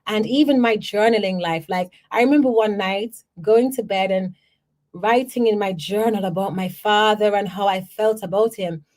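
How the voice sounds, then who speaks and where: A woman from Jamaica, a podcast host telling personal stories in an animated way, often checking in with the listener. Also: medium pitch, normal speed. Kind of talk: personal storytelling.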